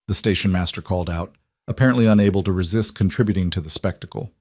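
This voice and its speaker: Low-voiced man narrating a story. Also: quick pace, darkish tone, no echo, clean studio sound. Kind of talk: scripted narration.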